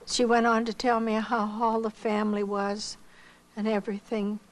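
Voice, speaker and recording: An older woman shares a story from her own life. Her voice sits at an ordinary middle pitch, and she talks in an unhurried, folksy way, pausing now and then and hesitating softly as she recalls the details. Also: monotone, low-quality recording. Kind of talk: personal storytelling.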